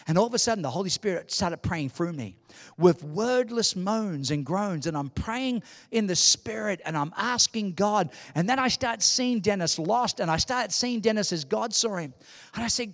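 A man preaching to a congregation, with a notably high voice. He tells a story, dropping to a hush and then building to loud, emphatic peaks. His voice carries a long reverb from a large hall. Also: lively intonation, moderate pace. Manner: emphatic storytelling, swinging from hushed to shouting. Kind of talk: sermon.

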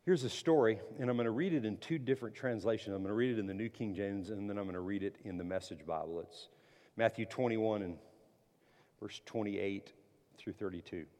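Male pastor, sermon delivery, somewhat low voice, hall reverb. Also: fairly quick, a little mellow. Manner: earnest preaching, reads scripture aloud with rising emphasis.

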